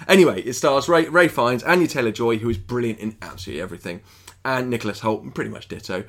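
A man's voice: medium pitch, fast talker, fairly bright tone. A man co-hosting a casual podcast, giggly and rambling, swearing now and then. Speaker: podcast co-host. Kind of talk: casual chat.

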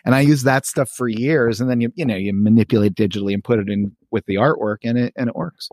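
A man co-hosting a podcast, telling stories in an animated way, laughing as he talks, and reading comic strips aloud. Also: mid-range voice, quick pace, no echo, clean studio sound. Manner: animated storyteller, laughs while talking. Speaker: podcast co-host.

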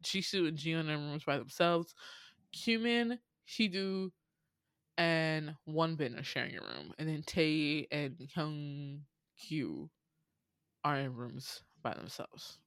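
A woman casually recapping a dating show on a podcast, animated, laughing and playfully exasperated as she tells it. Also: deep voice, slow, clear, resonant tone, no room sound. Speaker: podcast host.

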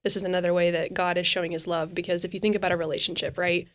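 A woman's voice: fairly low pitch, little pitch movement, racing. A woman co-hosting a podcast, talking reflectively and speaking to the listener directly in a casual faith discussion. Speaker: podcast co-host.

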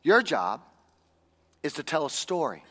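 High-voiced man preaching in an echoey hall. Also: sing-song, unhurried, fairly bright tone. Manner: conversational, emphatic, asks rhetorical questions. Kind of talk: sermon.

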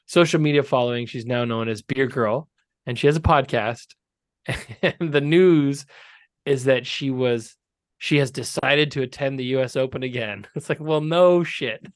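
A man co-hosting a casual podcast, trading sarcastic jokes and breaking into laughter often. His mid-pitched voice sits close and dry on the mic, with no room sound around it. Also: no room sound. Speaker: podcast co-host. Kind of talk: casual chat.

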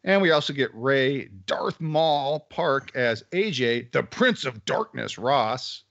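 A man's voice: mid-range voice, expressive, slow, fairly bright tone, no room sound. A wry podcast host, a man who runs through his notes with dry jokes tucked in. The sound is dead dry, with no room at all, and a bit muffled and lo-fi. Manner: wry, joking, running the rundown. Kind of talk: casual chat. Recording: dull lo-fi audio.

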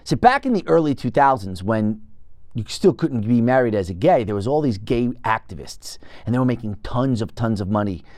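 A man hosting his own show, telling a rambling story in a casual, animated monologue with frequent restarts. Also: medium pitch, fairly quick, no echo. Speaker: podcast host.

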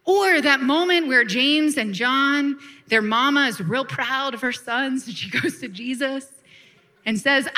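A woman pastor preaching a lively sermon, laughing now and then and calling for responses from the congregation. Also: sits high, unhurried.

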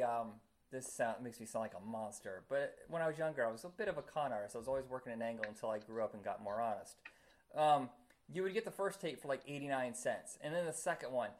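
A man chatting casually as a podcast co-host, rambling with many fillers and quick to laugh. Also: medium pitch. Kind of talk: casual chat.

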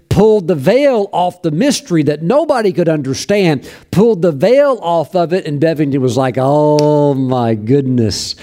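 A man's voice: a little high, dark tone. A man preaching a sermon, telling a story with fervent emphasis and bursts of praise.

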